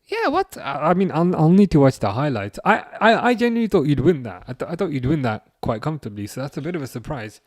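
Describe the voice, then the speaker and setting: This man's fairly high voice has a sing-song lilt, and he talks quickly with hardly any pauses. He's hosting a football watch-along stream in a loose, rambling way, answering viewer comments and often restarting sentences. The recording is dry and studio quality.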